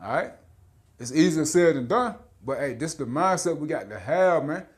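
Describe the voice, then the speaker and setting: A man preaching in a loose, street-style monologue, with a voice that sits a little high. His delivery is blunt and profane, broken by stammered filler sounds, and he keeps checking in with "all right?" and "man.". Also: big pitch swings, normal speed.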